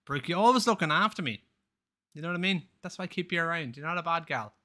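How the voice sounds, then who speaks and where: A man's voice: fairly high pitch, animated, fast, sharp tone. A man chatting casually on a live game stream, rambling, swearing freely and laughing often.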